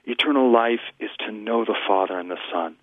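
Male pastor guest, low voice, earnest scripture teaching, dry thin phone-line sound. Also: fairly quick, dry recording. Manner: earnest, quotes scripture at length. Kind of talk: teaching a scripture lesson on radio.

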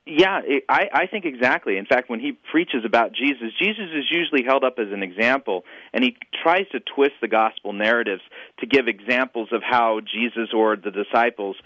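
A man's voice: medium pitch, lively intonation, normal speed, a bit bright, dry recording, dull audio, faint music behind. A man who is a guest on a radio talk show, explaining things in an earnest, doctrinal way. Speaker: guest, internet radio host.

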